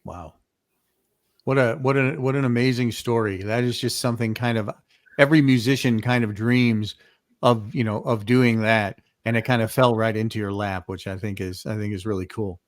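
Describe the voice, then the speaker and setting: A man's voice: lowish voice, steady tone, moderate pace, dry recording. Male podcast host, dry close sound. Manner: rambling questions with restarts. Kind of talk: casual interview.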